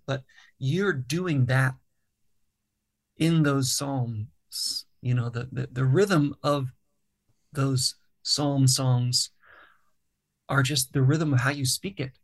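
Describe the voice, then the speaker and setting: Gravelly-voiced man explaining his songwriting. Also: medium pitch, steady tone, unhurried. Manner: thoughtful, explains his process step by step. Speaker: songwriter and guest. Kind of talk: casual interview talk.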